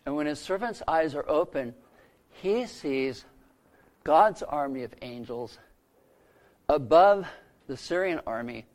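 A man delivers a sermon in a slightly high voice, telling the story vividly. He lifts his pitch and volume when he quotes a character. He sinks to a hushed, low tone when he drives a point home. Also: lively intonation, slow, pauses often. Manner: retells scripture stories, acting out quotes with a lifted, louder voice; drops to a soft, low voice to land a point. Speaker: preacher.

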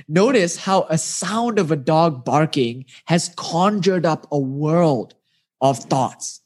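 A man with a slightly raised voice guides a listener through meditation exercises in a patient, gently instructive tone. He talks casually and with animation, as if on a video call. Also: on the high side, expressive, measured pace. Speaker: meditation teacher.

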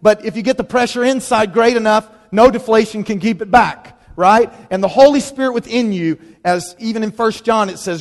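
A man preaching a sermon in a lively, conversational way, leaning on dramatic pauses. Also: high voice. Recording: long reverb of a large hall.

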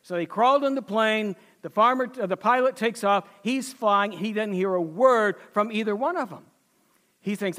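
A man's voice: high-pitched, normal speed, fairly bright tone. A male pastor preaching a sermon in a folksy, emphatic storytelling way.

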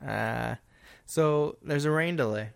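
A young man co-hosting a podcast, telling a story in a fast, excitable, breathless way. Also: on the high side, gravelly, clear, resonant tone. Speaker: podcast co-host. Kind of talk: casual chat. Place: indoor room.

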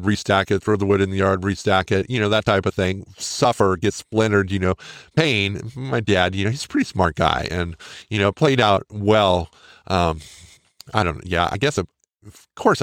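A man's voice: fairly low pitch, no room sound, clean studio sound. A middle-aged man hosting a podcast, telling a personal story frankly and with self-mocking jokes. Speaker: podcast host. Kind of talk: casual storytelling.

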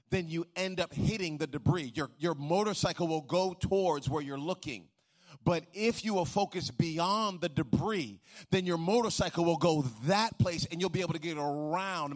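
A pastor delivering a sermon, repeating key phrases and asking the congregation to answer back. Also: male voice, on the high side. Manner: emphatic preaching with varied pace.

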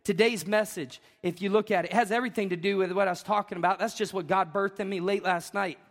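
A man preaching a fervent sermon as pastor, moving between shouted peaks and chatty asides. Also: sits high, fairly even intonation, fast talker, big-room sound. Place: church sanctuary.

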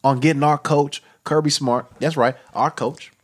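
A man co-hosting a podcast in casual sports banter, loud and teasing, laughing often. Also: a little high, steady tone, moderate pace. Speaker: podcast co-host.

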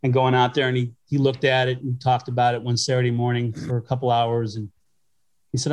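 A man's voice: mid-range voice, completely flat delivery, a little fast, darkish tone. A middle-aged man from Western New York, a podcast guest recalling his career in a rambling, conversational way full of restarts and fillers. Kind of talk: conversational storytelling.

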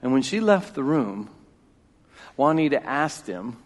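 Emphatic preacher in an echoing church. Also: male voice, mid-range voice, big pitch swings, unhurried. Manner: emphatic, repeats key phrases, swings between loud and hushed. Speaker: pastor. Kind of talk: sermon. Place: church sanctuary. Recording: long reverb of a church hall.

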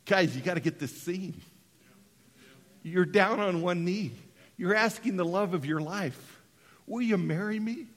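Middle-aged male preacher, slow and bright-toned, dramatic swings between quiet and loud. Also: high-pitched, in a large hall. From Western Colorado. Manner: dramatic, swings from hushed to shouting. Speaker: pastor. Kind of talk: sermon.

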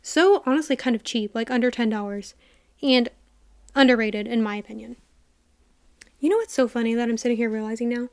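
Young woman podcasting solo, kinda breathless, higher voice, super dry close mic, says like a lot. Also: a little fast, pauses often, smooth, no echo. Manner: chatty and excitable, heavy use of "like". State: a bit out of breath. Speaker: podcast host. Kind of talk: casual solo podcast chat. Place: quiet room. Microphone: studio mic with headphones.

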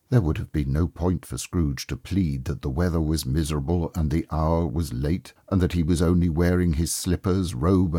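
A man reading a classic story aloud as storybook narration, in a calm, measured and expressive way. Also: very deep voice, slightly rough, no echo, studio quality.

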